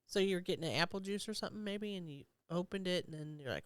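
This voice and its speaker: A woman's voice: lowish voice, fast, clear, resonant tone, no room sound. A woman co-hosting a podcast in casual chat, teasing and jokey. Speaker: podcast co-host.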